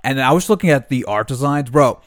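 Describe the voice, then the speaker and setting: A man's voice: mid-range voice, animated, fairly quick, no echo. A young man hosting a podcast in casual chat, enthusiastic and playful, with plenty of banter. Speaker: podcast host.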